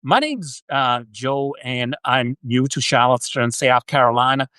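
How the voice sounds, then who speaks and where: A man's voice: medium pitch, lively intonation, measured pace, sharp tone, smooth, no echo. An Australian man putting on an overly formal Southern American shopper who talks in a stiff, wordy, polite way.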